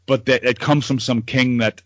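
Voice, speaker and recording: A man's voice: mid-range voice, steady tone, moderate pace, no room sound, lo-fi sound. Northern Irish male podcast host, rambling and sweary, dry close sound, video call. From Northern Ireland. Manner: rambling, repeats words, swears freely. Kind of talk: casual chat among old friends.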